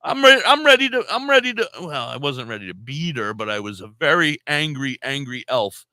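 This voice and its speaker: Bright, animated storytelling man. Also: fairly high pitch, a little fast, dry recording. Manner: profane, animated storyteller who acts out quotes. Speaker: podcast co-host. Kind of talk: casual storytelling chat.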